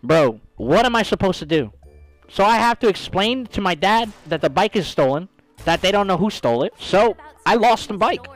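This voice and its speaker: A man's voice: high voice, animated, normal speed. A man streaming a game while telling a story in casual, profane slang, calling his listeners bro.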